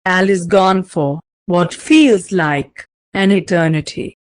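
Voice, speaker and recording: Slow, low-voiced woman narrator. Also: no echo. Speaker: story narrator. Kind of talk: reading fan fiction aloud.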